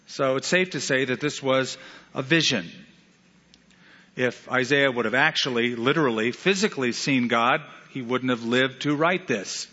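A man preaching an animated sermon, stressing words through repetition. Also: medium pitch, moderate pace, big-room sound, highs cut off. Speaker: pastor.

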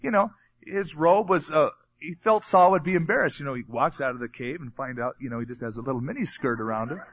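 Chatty preacher, lo-fi sermon recording. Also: male voice, a little high, expressive, quick pace, fairly bright tone, husky. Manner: conversational, reads scripture then retells it in everyday words.

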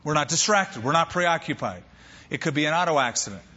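A man preaching a sermon as pastor, lively and animated, acting out quoted voices. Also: a little high, a little fast, big-room sound, dull audio.

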